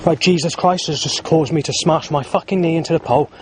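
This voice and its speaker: A man with a fairly high voice talks quickly, rambling through a spoken diary of his day as a vlogger outdoors in town, moving among streets, stations and bus stops. He's agitated, swears heavily and breaks into bursts of anger. Street noise and passing vehicles run through the recording.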